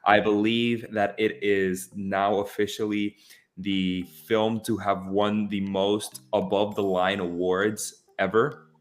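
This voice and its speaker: Speaking slowly in a lowish voice with little pitch movement, a man co-hosts a laid-back film podcast. He's impassioned and emphatic, frequently starting his sentences over.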